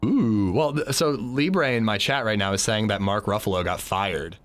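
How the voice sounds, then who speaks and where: A man's voice: fairly low pitch, normal speed. A man streaming a video game, chatting casually with friends in a rambling, restarting way and swearing often. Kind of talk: casual chat while gaming.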